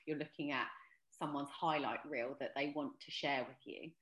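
Low voice woman guest on a podcast, earnest, lots of ums, kinda roomy echo. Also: fairly even intonation, moderate pace, a bit bright, slight background noise. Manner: earnest, reflective, with frequent ums and restarts. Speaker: podcast guest, mental health advocate. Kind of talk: casual podcast interview.

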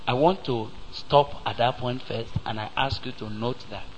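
A man with a Nigerian English accent preaches slowly and emphatically at a medium pitch with a steady tone, throwing rhetorical questions at the congregation and suddenly rising in volume. The low-quality recording carries slight background noise.

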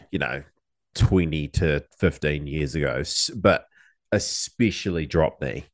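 A man's voice: very deep voice, slow pace, no room sound, clean studio sound. A man co-hosting a podcast in casual chat, laid-back and sweary with lots of ums. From New Zealand. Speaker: podcast co-host.

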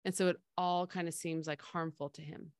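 A woman's voice: fairly low pitch, flat delivery, moderate pace, smooth, no room sound, clean studio sound. A middle-aged woman co-hosting a casual podcast, explaining feelings through everyday analogies in a conversational way. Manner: explains with everyday analogies, acts out quoted voices. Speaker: podcast co-host.

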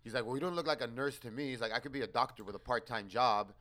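A young man on a podcast telling a story in casual chat, animated and swearing as he acts out his quoted exchanges. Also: medium pitch, fast.

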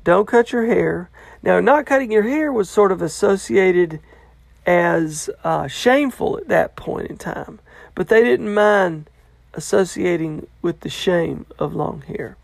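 A Bible study teacher with a mid-range, creaky voice talks a little slowly through a passage, paraphrasing a commentator in a loose, conversational way. He keeps checking in with the listener by asking "okay?", and the recording has no echo.

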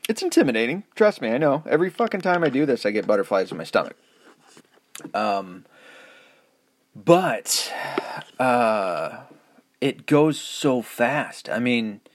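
A middle-aged podcast host speaks in an animated mid-range voice, unhurried and with long pauses, in a studio-quality recording with no echo. His casual solo monologue rambles, laced with swearing, chuckles and self-deprecating asides.

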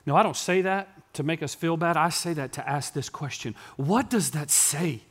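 Man, pastor, sermon in a church, somewhat high voice, emphatic preaching. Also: moderate pace, hardly any pauses, breathy edge. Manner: preaching with rising, yelling emphasis. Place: church sanctuary.

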